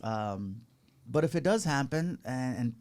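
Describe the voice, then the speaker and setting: A man's voice: medium pitch, unhurried. A middle-aged Mexican-American man, a comedian guest telling stories in a casual interview and acting out quotes. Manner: animated storyteller, acts out quotes.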